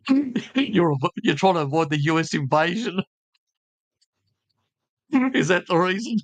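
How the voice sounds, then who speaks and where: A man's voice: high voice, animated, unhurried, no echo. An Australian man from Tasmania hosting a live stream, chatting casually with viewers in a blunt, joking, rambling way full of fillers. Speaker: live stream host answering chat.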